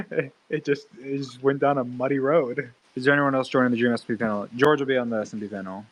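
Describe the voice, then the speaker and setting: A man's voice: medium pitch, fairly even intonation, brisk. A young man streaming, telling a rambling, profane story full of fillers and restarts. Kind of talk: casual livestream chat.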